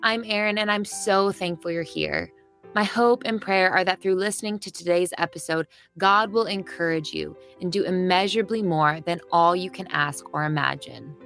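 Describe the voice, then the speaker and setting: A woman hosting a faith podcast, giving a gentle, earnest scripted introduction. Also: on the low side, normal speed. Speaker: podcast host. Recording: faint music behind voice.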